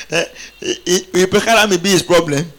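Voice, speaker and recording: A man's voice: high voice, a bit bright. A man preaching a sermon, calling on the congregation to answer back and rising into emphatic exclamations. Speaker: pastor.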